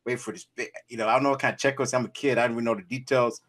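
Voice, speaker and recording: A man telling childhood stories in casual chat, animated and laughing often, swearing freely. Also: mid-range voice, rapid-fire. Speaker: podcast co-host.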